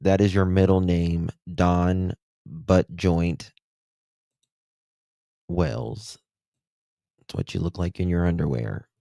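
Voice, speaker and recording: A man's voice: deep voice, slow, creaky, long pauses, mellow, dry recording, clean studio sound. A man hosting a live stream, commenting on a played recording in a sarcastic, taunting way.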